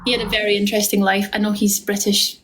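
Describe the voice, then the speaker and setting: A woman's voice: medium pitch, monotone, fast talker, fairly bright tone, a little hiss or hum. A woman with a Scottish accent, hosting a casual live stream and chatting affectionately with viewers as she answers their questions. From Scotland. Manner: chatty and affectionate, calls viewers darling and lovely. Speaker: live-stream host and musical theatre performer.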